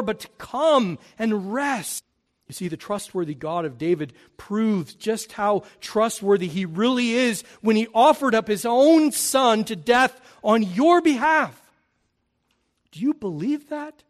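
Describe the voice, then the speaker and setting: A man preaching a sermon, swinging from hushed, quiet stretches to loud, impassioned appeals. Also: high-pitched. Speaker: pastor.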